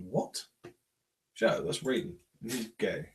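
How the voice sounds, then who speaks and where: A man's voice: on the low side, unhurried, long pauses, rough recording. A man in casual chat with friends, rambling and swearing freely. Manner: crude, rambling, swears a lot.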